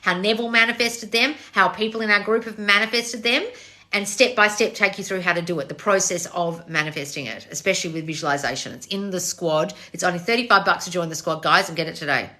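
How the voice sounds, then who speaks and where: A woman's voice: lowish voice, fast, bright, forceful tone. A woman coaching viewers on a live stream, reading their comments aloud and answering bluntly with pointed rhetorical questions, swearing casually.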